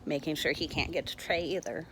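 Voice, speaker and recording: Woman, low voice, halting earnest storytelling, phone at home, faint noise behind. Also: steady tone. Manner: halting, earnest retelling with many fillers. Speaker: mother recounting a personal ordeal. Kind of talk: personal storytelling vlog. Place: at home, walking around the house.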